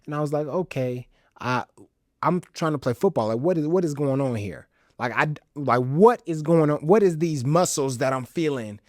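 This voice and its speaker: A young man from the Chicago suburbs hosting a podcast, telling stories in an animated, casual way and playing them up for laughs. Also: a little high, normal speed, no echo, studio quality. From Chicago's South Side suburbs, Illinois. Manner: animated, comic exaggeration, casual slang. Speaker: podcast host. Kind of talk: solo storytelling monologue.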